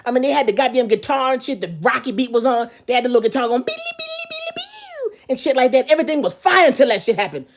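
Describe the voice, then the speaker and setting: A woman comedian doing a loud, profane comedic rant, full of animated asides and quick impressions. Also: a little high. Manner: animated, profane, jumps into mimicry. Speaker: comedian vlogger.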